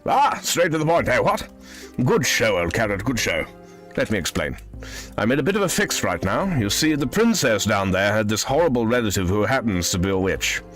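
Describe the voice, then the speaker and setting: A man's voice: lowish voice, very animated, fast talker, hardly any pauses, soft background music. A man voicing a pompous old male gnome with a long beard, in plummy, old-fashioned upper-class speech. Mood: chummy. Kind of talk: reading game dialogue aloud in voices.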